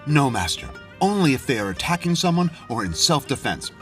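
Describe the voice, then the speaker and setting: A man in a scripted audio drama who is fussy and excitable and talks to himself, with faint music behind. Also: mid-range voice, fairly quick. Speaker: corporate assistant character.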